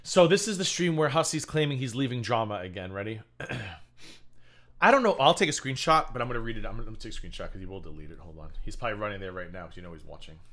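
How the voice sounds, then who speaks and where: A man's voice: fairly low pitch, lively intonation, rapid-fire, a bit bright. A man co-hosting a live stream, giving heated, profane drama commentary. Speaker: stream co-host.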